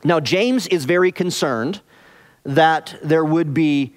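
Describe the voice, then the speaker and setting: Delivering an earnest expository sermon, a fairly high-voiced pastor hits certain phrases with force and lets others fall quiet and slow.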